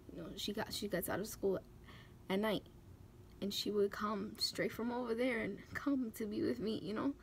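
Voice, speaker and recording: A young woman talking through her tears while doing her makeup on camera, halting and restarting often. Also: mid-range voice, slight background noise. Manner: tearful, halting, many restarts and fillers. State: close to tears. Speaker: beauty vlogger. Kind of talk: emotional talk during a makeup tutorial.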